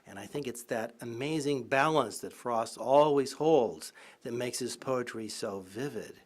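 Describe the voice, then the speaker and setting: A male professor gives a public talk in the manner of a storyteller. He is lively and irreverent, with frequent laughter and asides. His voice sits at an average pitch for a man. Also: unhurried. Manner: anecdotal, often laughing. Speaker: college professor. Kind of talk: humorous public lecture.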